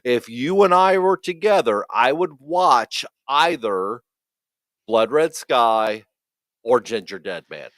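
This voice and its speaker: Animated, laughing man podcast co-host. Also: medium pitch, slow, no echo. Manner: animated, laughs often, swears. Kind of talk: casual movie review chat.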